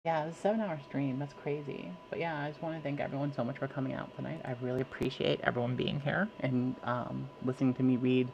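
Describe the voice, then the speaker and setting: A man's voice: mid-range voice, little pitch movement, quick pace, creaky, few pauses, highs cut off, noisy background. A male streamer chatting casually and rambling, with many fillers. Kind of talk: casual live-stream chat.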